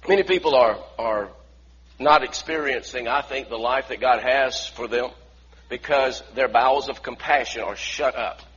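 Animated male preacher, bright husky voice. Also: mid-range voice, moderate pace. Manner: animated, acts out voices from the story, asks the congregation to repeat. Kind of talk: sermon. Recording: dull lo-fi recording.

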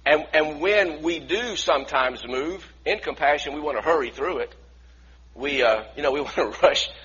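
A man preaching a sermon in an animated way, acting out the voices of the people in the story. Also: on the high side, slightly rough. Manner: animated, acts out voices from the story, asks the congregation to repeat. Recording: dull lo-fi recording.

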